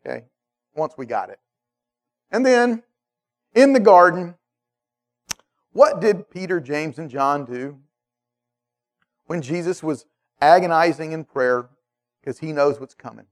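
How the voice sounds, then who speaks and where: A man preaching a sermon in a lively, conversational way, often checking in with his listeners. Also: a little high. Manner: animated, conversational, checks in with "okay?".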